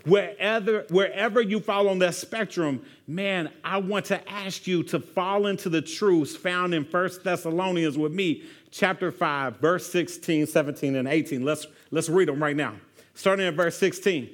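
A man's voice: high voice, a little slow. A man preaching a sermon in a casual, conversational way, saying "man" over and over. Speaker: pastor.

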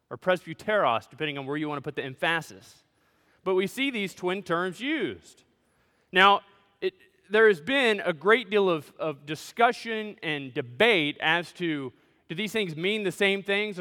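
A man's voice: sits high, bright, forceful tone, big-room sound. A man as pastor, preaching a sermon in a conversational, joking way, in a church sanctuary.

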